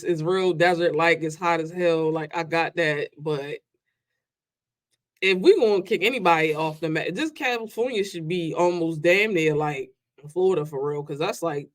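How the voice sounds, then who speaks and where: A woman's voice: fairly low pitch, a bit bright. A woman co-hosting a reaction video, chatting casually, blunt and slangy, drawing out her points. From Baltimore. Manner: blunt, slangy, drawn-out emphasis.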